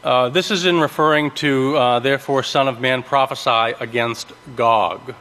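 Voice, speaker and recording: A man giving a sermon, teaching from scripture in a halting way with many ums, restarts and checks of "okay?". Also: mid-range voice, steady tone, pushed and bright. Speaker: preacher. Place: large worship hall. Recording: long reverb of a large hall.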